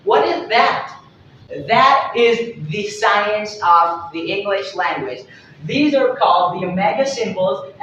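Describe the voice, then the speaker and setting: A woman from Pakistan explaining English accents to viewers as a teacher, repeating herself and pausing on fillers. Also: mid-range voice, a bit bright. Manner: repetitive, explanatory, frequent fillers. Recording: very echoey room, distant mic, dull sound, faint noise.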